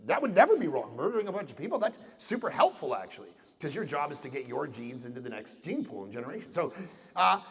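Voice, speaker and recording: Animated gravelly man in a large hall. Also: mid-range voice. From Canada. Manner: animated storytelling with acted-out voices and jokes. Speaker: conference speaker. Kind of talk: animated live talk to an audience. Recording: reverberant hall sound.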